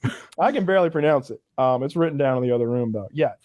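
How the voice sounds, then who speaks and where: A man in his thirties telling stories in a casual podcast chat, animated and quick to laugh. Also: mid-range voice, dry recording. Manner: animated, laughs often, mimics others. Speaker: podcast co-host. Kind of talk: casual storytelling.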